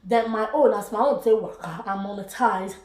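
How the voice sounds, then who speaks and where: A woman's voice: medium pitch, normal speed, a little mellow. A Nigerian woman vlogging a joyful testimony, praising God and slipping into pidgin as she talks. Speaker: YouTuber. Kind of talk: casual vlog testimony. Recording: echoey room.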